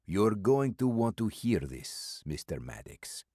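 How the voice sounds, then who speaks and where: A burly older foreign businessman with a thick, clipped Eastern European accent, as a man puts him on. He talks slowly and deliberately, keeping his cards close. The voice is deep and sits in a dry, close sound. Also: very animated, warm tone, no room sound, full character voice. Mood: cagey, insistent. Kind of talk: audiobook character voice.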